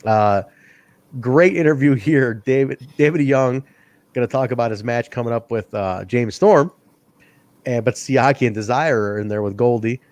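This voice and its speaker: He's one of the co-hosts of a casual podcast reviewing wrestling, a lively storyteller who swears, laughs frequently, and mimics quotes by pitching his voice up. His speed is normal, with no echo in the audio.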